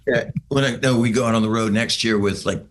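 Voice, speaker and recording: A man's voice: mid-range voice, fairly even intonation, fairly quick. A man, a rock singer being interviewed, teasing the host with sarcastic, playful banter. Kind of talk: casual interview chat.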